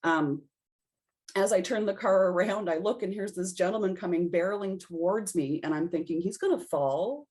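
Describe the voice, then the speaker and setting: Low-voiced woman telling a lively story. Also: moderate pace. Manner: animated storyteller acting out her own reactions. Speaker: podcast guest, intuitive reader. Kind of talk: storytelling in casual conversation.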